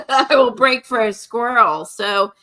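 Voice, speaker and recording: A woman with a bright, forceful voice, chatting casually to her viewers. She tells a long personal story loosely, with frequent fillers and restarts. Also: a little high, slow pace. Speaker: art vlogger. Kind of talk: casual chat.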